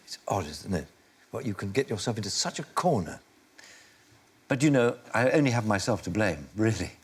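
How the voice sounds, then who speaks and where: A man in his sixties speaks in a candid interview, his voice husky with a touch of breath. His pitch moves freely and expressively as he reflects on his life. He talks in a self-deprecating way and laughs easily at himself. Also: very animated, moderate pace. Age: 60s. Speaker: actor and interview guest.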